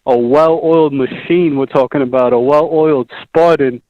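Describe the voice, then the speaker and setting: A man's voice: fairly high pitch, steady tone, normal speed, no room sound, lo-fi sound. A man calling in to a podcast, chatting casually and joking. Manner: laid-back, joking. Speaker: caller. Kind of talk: casual chat.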